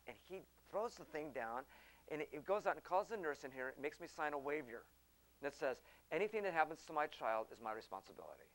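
A middle-aged man hosting a talk, telling a personal story in an animated way and acting out the people he quotes. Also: on the high side, fast talker, low-quality recording.

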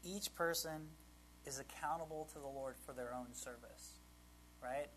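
A man of medium pitch speaks a little slowly, his tone a bit bright, on a low-quality recording with some hiss or hum. He delivers a sermon as informal, conversational Bible teaching, often checking in with his listeners.

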